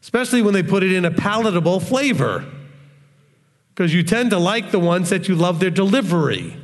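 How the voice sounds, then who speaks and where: A man's voice: sits high, expressive, unhurried, long pauses, long reverb tail. A man preaching in a blunt, straightforward way on a live stream, often mocking other voices. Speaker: religious teacher.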